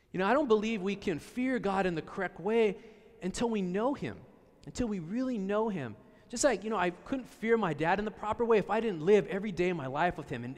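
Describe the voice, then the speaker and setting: A man's voice: sits high, a little mellow. A man in his thirties preaching a conversational sermon, full of fillers and repeated words. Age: 30s. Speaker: pastor. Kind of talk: sermon with personal story. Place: church sanctuary. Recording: reverberant church hall.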